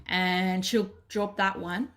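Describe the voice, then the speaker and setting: A woman's voice: mid-range voice, level tone, slow pace, fairly bright tone. Chatty Australian woman dog trainer. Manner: chatty, checks in with "right?" and "okay". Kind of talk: casual whiteboard explanation. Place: training room with a whiteboard.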